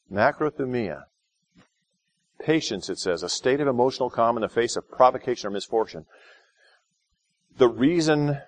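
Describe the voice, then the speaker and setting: Low-voiced man preaching a conversational sermon. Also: dry recording. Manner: conversational preaching with sudden loud, slow emphatic phrases. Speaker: pastor.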